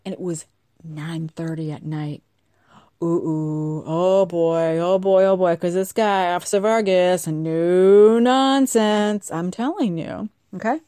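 A woman's voice: on the low side, takes it slowly, mellow, smooth, no room sound, clean studio sound. A middle-aged woman hosting a podcast, chatting casually and telling a story with acted-out quotes. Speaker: podcast host. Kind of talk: casual monologue.

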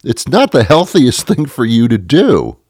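A man telling a ranting comic story, mocking himself and swinging from loud outbursts to mutters. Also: mid-range voice, huge pitch swings, unhurried, dry recording, clean studio sound. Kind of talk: comedic storytelling monologue.

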